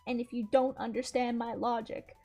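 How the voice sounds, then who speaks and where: A young woman chats on her stream as she plays, her voice sitting high. She tells her stories with animated, giggly energy. Faint game music runs quietly underneath. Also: normal speed. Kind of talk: casual chat while gaming.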